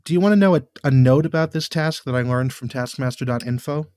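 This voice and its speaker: A man co-hosting a podcast in casual chat, given to animated, exasperated rants. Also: medium pitch, fast, clean tone, no echo, clean studio sound. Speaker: podcast co-host.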